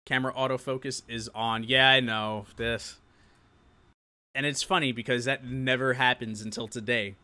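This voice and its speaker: A man's voice: medium pitch, steady tone, moderate pace, pushed and bright, smooth. A young man from New York with a New York accent, hosting a live-stream show and chatting casually with viewers, laughing often.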